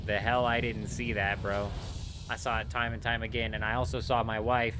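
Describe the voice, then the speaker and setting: A young adult man streaming a game from home, telling stories in a relaxed, animated way, swearing and calling his viewers "bro" and "dude". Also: medium pitch, brisk, noisy background. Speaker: gaming livestreamer. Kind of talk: casual live-stream chat.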